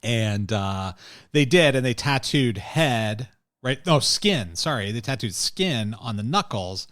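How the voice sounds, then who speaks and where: A male podcast co-host recapping a TV episode in casual chat, brisk and laughing often. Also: medium pitch, lively intonation, fairly bright tone, no room sound, clean studio sound. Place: room shared with co-host.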